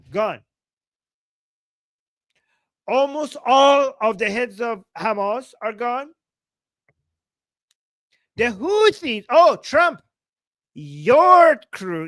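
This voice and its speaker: High-voiced and fairly bright, this livestream host swears his way through a political rant, hammering points by repeating phrases and pausing to read viewer super chats. The recording is dry.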